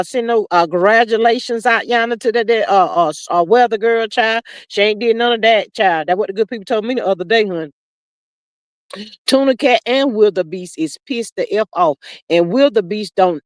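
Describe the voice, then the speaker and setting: A woman hosts a casual livestream, gossiping in a sassy, drawling way and reading viewer comments aloud. Her pitch sits a little high and swings widely, and the recording is dry and close. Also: no room sound. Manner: sassy, drawling, peppered with "child" and "honey". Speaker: livestream host. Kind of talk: casual gossip chat with live chat readers.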